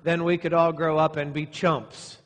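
A middle-aged man delivers a sermon to young men in a slightly high voice. He exaggerates and speaks sarcastically to drive his lesson home. A long reverb trails his words through the hall. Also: flat delivery, normal speed. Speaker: pastor.

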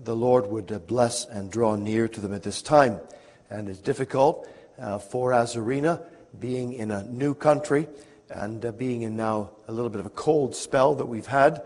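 A man with a raspy, hoarse voice from a cold, leading a church service, speaking slowly with many fillers and reading scripture in a declaiming tone. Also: medium pitch, a little mellow. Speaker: pastor. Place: church sanctuary. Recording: long church reverb.

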